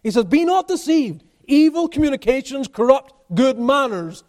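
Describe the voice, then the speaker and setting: A man's voice: very high-pitched, very animated, moderate pace, darkish tone. A man preaching an expository sermon as pastor in a church, with emphatic rising and falling intensity.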